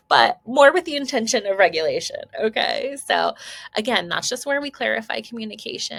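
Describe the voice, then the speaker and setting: A woman's voice: mid-range voice, a bit bright. A woman parenting coach giving casual advice to camera, chatty and laughing often, checking in with listeners as she goes.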